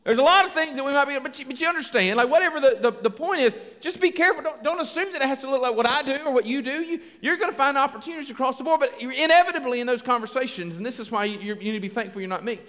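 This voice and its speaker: A man preaching a sermon as pastor, folksy and animated, acting out little everyday conversations. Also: extremely high pitch, racing, few pauses. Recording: long hall reverb.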